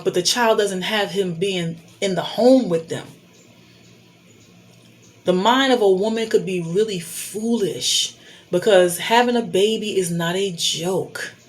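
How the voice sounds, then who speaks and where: A middle-aged woman giving blunt life advice to a phone camera, emphatic and preachy, repeating her key points. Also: medium pitch. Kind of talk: candid advice monologue.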